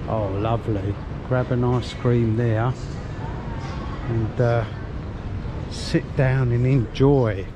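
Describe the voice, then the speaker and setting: A man with a mid-range voice and fairly even intonation speaks slowly, pausing often, as he strolls a resort street with a camera and gives viewers a chatty, upbeat walking tour. He keeps calling his audience "guys" in this casual commentary, and the dull-sounding audio carries clear street traffic noise in the background.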